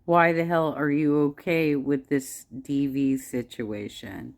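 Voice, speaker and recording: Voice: mid-range voice, slow pace. A co-host reacting to a clip with sarcasm and exasperated disbelief. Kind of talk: reaction commentary.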